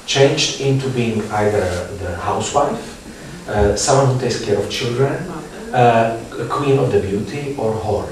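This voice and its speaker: A man speaking English as a non-native, presenting research in a panel discussion, halting with many fillers and restarts. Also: on the low side, a crowd in the background. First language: not English. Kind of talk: discussion talk. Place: theatre space. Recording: echoey room, distant mic, background noise.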